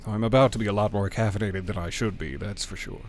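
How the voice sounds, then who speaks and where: A man's voice: on the low side, fairly even intonation, fast, slight background noise. A man streaming a video game, talking casually and playfully to the game and his chat, sometimes reading item text aloud in a mock-dramatic way. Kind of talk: casual gameplay commentary.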